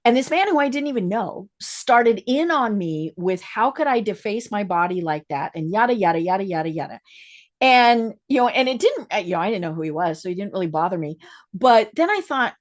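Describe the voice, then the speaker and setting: A woman hosting a podcast, talking frankly about personal experiences and listening with steady agreement. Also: mid-range voice, fairly quick. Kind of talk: casual podcast conversation.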